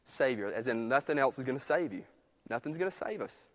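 A man's voice: mid-range voice, expressive, a little fast. Man preaching in an echoing hall. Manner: conversational preaching, swings from hushed to emphatic. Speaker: pastor. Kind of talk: sermon. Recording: long reverb of a church hall.

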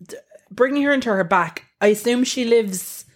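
A woman co-hosting a casual podcast, playful and teasing, reacting with loud exclamations. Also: fairly high pitch, normal speed. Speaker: podcast co-host.

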